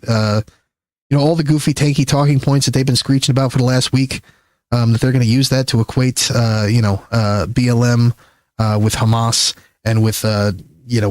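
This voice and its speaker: A man streaming live, ranting in rambling, profane commentary. He jumps from high outbursts to low mutters. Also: a little mellow, no room sound, studio quality. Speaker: livestreamer.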